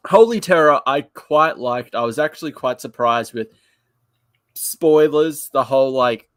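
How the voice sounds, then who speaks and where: A man's voice: mid-range voice, unhurried, a bit bright, no room sound. A man co-hosting a live review show in a loose, chatty way. His voice sits in a middle range and the sound is dry and close. He rambles and laughs as he goes. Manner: jokey, laughs often, rambling. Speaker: podcast co-host. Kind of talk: casual live review chat.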